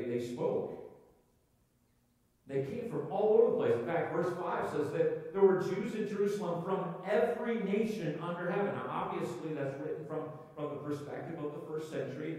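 A man preaching a sermon as pastor, conversational, with frequent restarts, sometimes raising his voice to act out a crowd. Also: mellow. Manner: acts out crowd voices with raised pitch. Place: church sanctuary. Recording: echoey hall, from far off.

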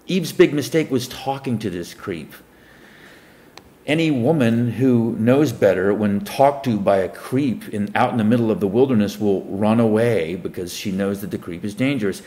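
A man, a self-styled preacher, reading Bible verses aloud and breaking off into rambling commentary, swinging between loud emphatic reading and quiet muttered remarks. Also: fairly low pitch, normal speed. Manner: reads scripture aloud, then breaks off into rambling asides.

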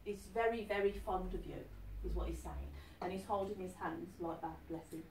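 A woman in her fifties, a medium speaking to a live audience in a chatty, animated way, often checking that her listener follows. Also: fairly low pitch, brisk, slight background noise. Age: 50s. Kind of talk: live stage reading to an audience. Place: event hall. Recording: echoey hall, distant mic.

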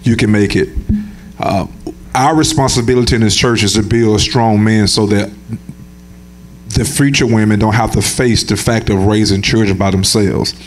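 Encouraging pastor, fairly low voice. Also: male voice, fairly even intonation, normal speed, slight background noise. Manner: encouraging, affirming. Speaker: pastor interviewing a church member. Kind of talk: church interview and sermon address.

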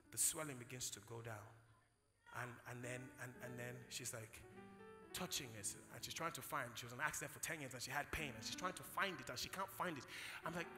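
Bright-voiced Nigerian pastor preaching in a hall. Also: male voice, on the high side, a little fast, soft background music. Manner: storytelling, acts out dialogue, builds to shouted preaching. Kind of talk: sermon. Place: large hall, live conference.

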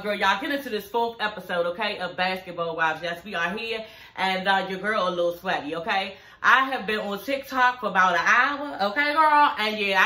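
Woman vlogger, home review channel, bright tone, casual and profane, slight room echo. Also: mid-range voice. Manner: profane, talks straight to viewers. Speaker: YouTube show reviewer. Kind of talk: casual chatty review vlog. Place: home, filming in front of her TV. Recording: roomy echo.

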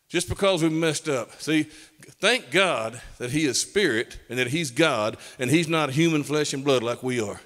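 Folksy preacher in a reverberant hall. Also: male voice, on the high side, expressive, normal speed, a bit bright. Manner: folksy, emphatic preaching with rising bursts. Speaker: pastor. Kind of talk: sermon. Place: church sanctuary.

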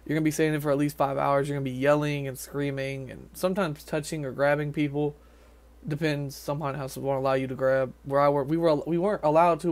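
Speaking fast and loosely to camera outside, this young Nashville vlogger and haunted house actor rambles along with fillers and restarts. His pitch is fairly high and his tone darkish.

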